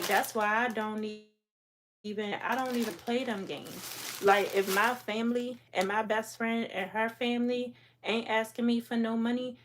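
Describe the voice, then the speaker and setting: A hoarse woman, talking bluntly and at length while hosting a casual livestream and answering her chat. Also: medium pitch, noisy background. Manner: talkative, blunt, talks back to chat. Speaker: livestream host.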